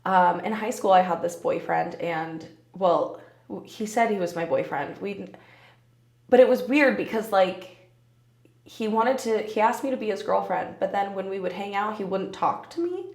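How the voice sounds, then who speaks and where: A woman's voice: mid-range voice, animated, normal speed, creaky, a little mellow, reverberant. A young woman in her twenties hosting a casual solo podcast, candid and swearing freely, often breaking into laughter. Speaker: podcast host.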